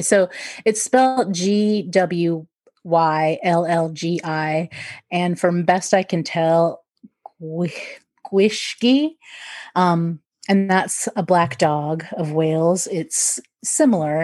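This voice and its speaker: A woman's voice: fairly low pitch, slow, darkish tone, no room sound. Chatty woman podcaster, laughs often. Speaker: podcast co-host. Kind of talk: casual chat about folklore.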